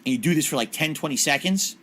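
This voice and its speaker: Forty-ish guy streaming, blunt and cranky with chat, bright forceful voice. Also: a little high, animated, fast talker. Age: 40s. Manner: blunt, irritable, insulting chat.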